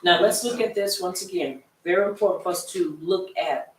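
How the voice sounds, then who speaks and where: A woman's voice: lowish voice, fairly quick, far from the mic, a little hiss or hum. A woman teaching a Bible study class in a conversational, folksy way, often repeating herself and acting out the voices she quotes. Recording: echoey room, voice from off-mic.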